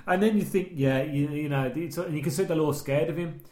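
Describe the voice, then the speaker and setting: Fast-talking man, echoey room. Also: fairly high pitch, over a noisy crowd. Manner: animated storytelling, quoting lines from a film. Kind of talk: casual film discussion.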